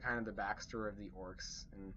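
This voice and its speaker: A man's voice: fairly low pitch, steady tone, brisk, sharp tone, highs cut off, slight background noise. A young man recapping a tabletop game session as its game master, rambling with fillers and self-corrections.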